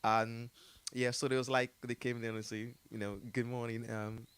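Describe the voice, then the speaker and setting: A man's voice: mid-range voice, little pitch movement, normal speed, fairly bright tone, clean tone. Laughing Jamaican man telling a story. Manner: rambling, laughs often, many fillers. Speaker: artist telling his story as a guest. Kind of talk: casual interview storytelling.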